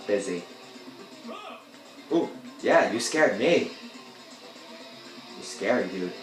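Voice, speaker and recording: A man rambling and joking through casual gameplay commentary, breaking into loud outbursts now and then. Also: fairly low pitch, vocal fry. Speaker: gameplay video host. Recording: echoey room with game music behind.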